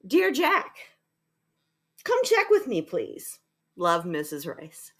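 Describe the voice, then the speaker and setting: Gentle teacher Missus Rice, read by a woman. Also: fairly low pitch, wildly swooping pitch, slow pace, breathy edge, pitched below the performer's own voice, heavily acted. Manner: gentle, firm, encouraging. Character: patient, kindly woman schoolteacher.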